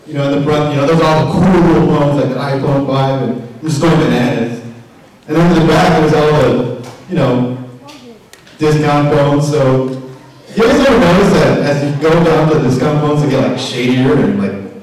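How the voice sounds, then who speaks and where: A man's voice: fairly high pitch, normal speed, a little mellow. A young man doing a rambling stand-up set on stage, full of "like" and "you know" and asides to the crowd. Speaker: stand-up comic at a recital. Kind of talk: stand-up comedy. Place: performance hall on stage. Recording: very echoey hall, mic far off.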